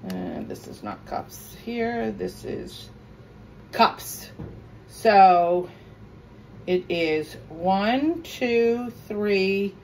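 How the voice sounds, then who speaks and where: A woman's voice: mid-range voice, sing-song, very slow, vocal fry, darkish tone, slight background noise, rough recording. A woman chatting casually in her home kitchen as she cooks and vents about her pet peeves. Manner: chatty, venting pet peeves while cooking. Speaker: cooking vlogger. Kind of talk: casual kitchen vlog chat.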